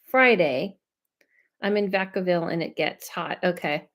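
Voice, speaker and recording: A woman from Los Angeles, a medium and host of her own live stream, chatting loudly and casually with viewers and reading out their comments. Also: lowish voice, normal speed. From Los Angeles, USA. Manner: loud, chatty, trails off and restarts, laughs often.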